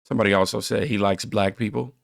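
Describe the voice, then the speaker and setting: A man's voice: fairly low pitch, steady tone, fast talker, creaky, no echo, studio quality. A man hosting a reaction channel, laid-back, reading viewer comments aloud and riffing on them.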